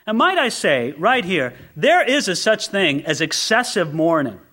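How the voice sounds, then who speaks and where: Male preacher, high bright voice, impassioned sermon delivery. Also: big pitch swings, measured pace. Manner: impassioned, swings between loud exclamation and quiet intensity. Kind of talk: expository sermon.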